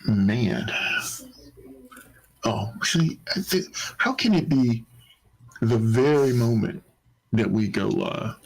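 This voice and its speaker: A man's voice: mid-range voice, lively intonation, takes it slowly, gravelly, long pauses, darkish tone, rough recording. A man hosting a casual talk show, speaking in a loose, rambling way with many fillers. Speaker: podcast host. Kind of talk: casual chat.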